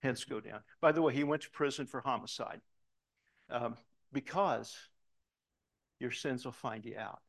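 A man's voice: mid-range voice, measured pace, gravelly, long pauses, a bit bright. A middle-aged man, a preacher and former police detective, telling a story in a sermon and acting out the dialogue as he goes.

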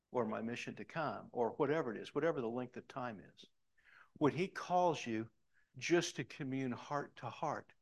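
A middle-aged man preaching a sermon, telling a story in an animated way and dropping to soft emphasis on key points. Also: medium pitch. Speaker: pastor.

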